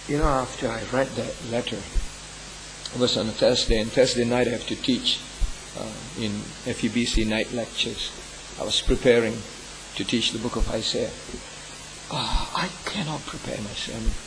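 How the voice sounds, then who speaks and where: During a sermon, a pastor earnestly and emotionally recounts a painful experience from his church. His middle-pitched voice keeps fairly even intonation at normal speed but climbs sharply when emotion takes over, over a faint hiss.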